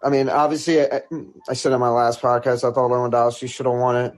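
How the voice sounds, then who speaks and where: A man's voice: mid-range voice, flat delivery, fast talker, darkish tone. A man talking loosely in a casual podcast chat, leaning on fillers and "bro". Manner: loose, laid-back, many fillers like "I mean" and "bro". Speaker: podcast co-host.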